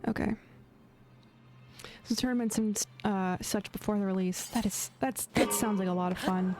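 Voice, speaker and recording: A woman's voice: medium pitch, steady tone, normal speed, darkish tone. Chatty woman streamer over game music. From United States. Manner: chatty, laughs often, many fillers and restarts. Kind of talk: casual chat while gaming.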